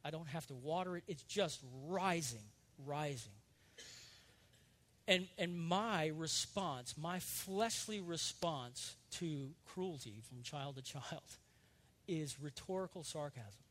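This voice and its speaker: A man's voice: a little high, lively intonation, slow pace, a bit bright. A male pastor preaching a sermon in an earnest, confessional way, often restarting phrases and building to fervent emphasis.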